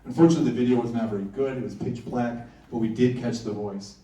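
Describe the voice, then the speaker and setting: A man's voice: mid-range voice, fairly even intonation, quick pace, warm tone. A man presenting at a conference, telling spooky stories to a packed room in a casual, joking way with frequent restarts. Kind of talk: storytelling talk to a live audience. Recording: echoey room, heard from far off.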